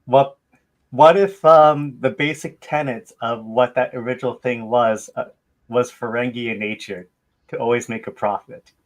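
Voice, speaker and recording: A man of middle pitch chatting on a stream. He speaks hesitantly, with fillers, posing challenging what-if questions. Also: steady tone, moderate pace. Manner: hesitant, questioning, devil's advocate. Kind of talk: casual stream chat.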